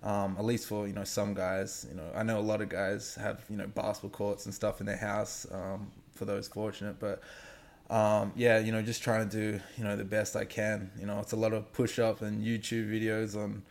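A young Australian man in his twenties, with a slightly faded accent, answering interview questions in a relaxed, halting way full of fillers. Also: on the low side, creaky. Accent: Australian, somewhat faded. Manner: laid-back, halting, many fillers. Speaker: guest athlete. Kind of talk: casual remote interview.

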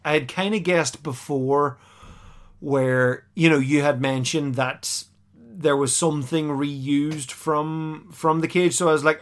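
Man, podcast co-host, casual recap, slightly high voice, lively, mimics characters. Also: takes it slowly. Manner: animated, acts out characters' lines mid-recap.

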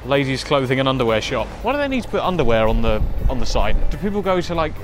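A man's voice: mid-range voice, big pitch swings, fast talker, music in the background. A man in casual, jokey banter with a friend on a day out. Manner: jokey, mimics teachers in shouts. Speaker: co-host.

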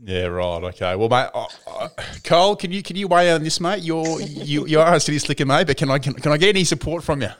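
A man's voice: a little high, lively intonation, quick pace, few pauses, fairly bright tone. A man hosting a podcast over a video call, chatty, with many fillers and repeated words. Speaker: podcast host. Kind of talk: casual podcast chat.

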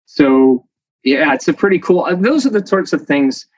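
Chatty professor, dull dry recording. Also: male voice, a little high, moderate pace, no room sound. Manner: lively, chatty explainer with frequent fillers. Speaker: professor and guest expert. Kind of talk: casual interview talk.

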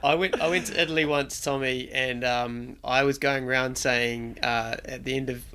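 A man on a podcast panel, cracking jokes and telling a quick story. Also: mid-range voice, steady tone, sharp tone, clear, resonant tone. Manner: wisecracking storyteller. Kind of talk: casual chat.

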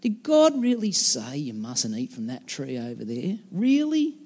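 A man's voice: a little high, huge pitch swings, a little slow, darkish tone, exaggerated voice. A man voicing a sly male serpent, slipping in mocking, insinuating questions. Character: sly, wheedling male serpent tempting a woman. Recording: long hall reverb.

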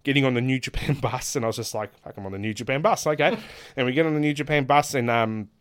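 A man's voice: medium pitch, fast, clear, resonant tone. A man, a pro wrestler, telling stories on a casual podcast, laughing often and acting out quotes in different voices.

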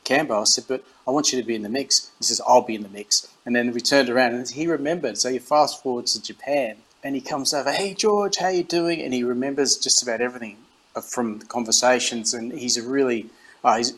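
A man's voice: mid-range voice, low-quality recording. A middle-aged Australian man in a casual interview, telling stories and acting out the dialogue, with frequent restarts. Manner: animated anecdotes, acts out quoted dialogue, frequent restarts. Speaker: interview guest, former rugby captain. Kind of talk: casual storytelling.

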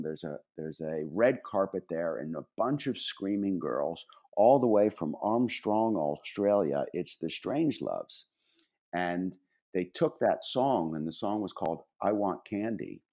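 Fifties male podcast guest with a very low voice; animated raconteur, chatty and restart-prone. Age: 50s. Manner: animated, laughing anecdote teller with many restarts. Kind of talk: casual storytelling.

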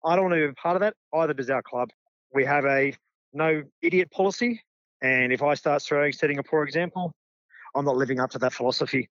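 Australian male coach, middle-aged, sincere and emotional, slightly higher voice, dry lo-fi audio. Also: fast talker, fairly bright tone, no echo. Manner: sincere, heartfelt. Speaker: junior football coach. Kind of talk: casual interview.

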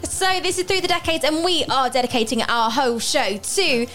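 High-voiced chatty woman radio host. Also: animated, normal speed, a bit bright, soft background music. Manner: playful, giggly, chatty. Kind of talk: casual radio chat. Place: radio studio. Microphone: studio mic with headphones.

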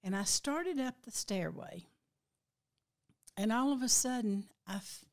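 A woman's voice: fairly high pitch, expressive. Older woman, heartfelt and reflective. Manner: heartfelt, slow and reflective, voice breaking with emotion at times. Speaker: guest recounting a dream. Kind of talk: emotional personal storytelling.

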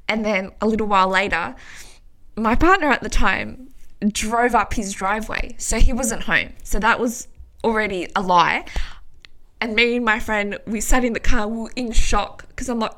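A woman's voice: mid-range voice, normal speed. Young woman telling a story, swearing freely. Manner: animated, swears often, acts out quoted dialogue. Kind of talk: casual storytime.

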